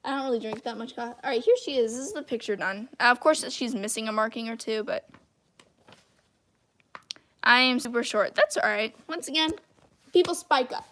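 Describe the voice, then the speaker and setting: Chatty high-voiced teen girl. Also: fairly quick, pauses often, a bit bright. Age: teens. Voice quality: high-pitched voice. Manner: rambling, chatty, self-deprecating. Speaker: channel host. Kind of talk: casual livestream chat while drawing.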